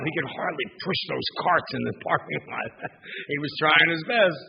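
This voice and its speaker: A man's voice: on the high side, moderate pace, gravelly. An older man, a minister, preaching a chatty, rambling sermon in a church, with restarts and asides to the congregation. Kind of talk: conversational sermon. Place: church sanctuary. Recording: dull lo-fi sermon recording.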